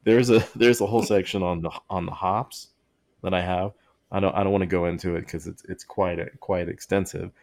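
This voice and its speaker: A man's voice: low voice, steady tone, fairly quick, a little mellow. A man co-hosting a podcast in casual chat, rambling and often breaking into laughter mid-sentence. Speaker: podcast co-host.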